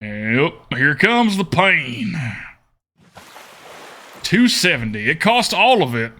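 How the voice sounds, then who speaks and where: A man's voice: a little high, big pitch swings, slow pace, sharp tone. A young man streaming a card game, chatting casually and thinking aloud with murmured hmms and repeated okays. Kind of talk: casual live gameplay commentary.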